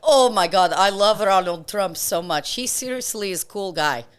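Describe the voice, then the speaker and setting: A woman's voice: medium pitch, animated, moderate pace, clean tone. A woman co-hosting a podcast in casual comedic chat, joking and laughing often. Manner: joking, laughs often, leads a mock breathing exercise. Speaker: podcast co-host.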